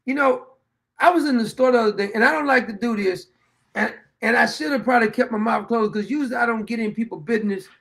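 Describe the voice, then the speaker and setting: A man's voice: very high voice, quick pace, creaky, a bit bright. A middle-aged man hosting his own show, delivering a blunt, preachy, rambling opinion monologue. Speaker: show host.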